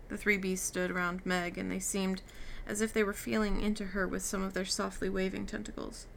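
A woman's voice: mid-range voice, flat delivery, fairly quick, creaky, few pauses, fairly bright tone, slight background noise. A woman reading a novel aloud, giving the characters' lines light shifts. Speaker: reader. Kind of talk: audiobook reading with character dialogue.

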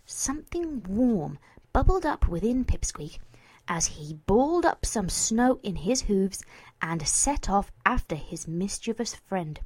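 Woman storybook narrator: slow, expressive, sometimes whispered; dry close recording. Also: medium pitch, husky, dry recording. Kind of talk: storybook reading.

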